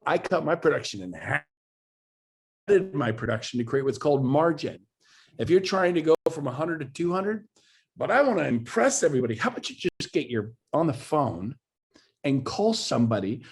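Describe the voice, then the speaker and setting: Brief: a husky-voiced male real estate coach on a video call, pushy and emphatic, building to exclamations. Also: on the high side, very animated, fairly quick. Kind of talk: motivational webinar talk.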